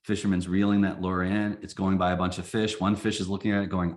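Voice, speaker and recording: A man who runs a company, presenting a casual training webinar in a folksy, animated way and acting out examples. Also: sits low, quick pace, hardly any pauses.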